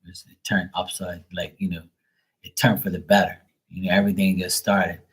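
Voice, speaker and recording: A man chatting casually on a tarot livestream, telling stories in a profane, animated way. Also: sits low, brisk, rough recording. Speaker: tarot reader.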